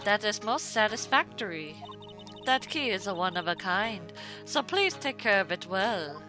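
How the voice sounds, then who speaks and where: A woman voicing a stately older mother in a game, slow, formal and courteous. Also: mid-range voice, very animated, over music.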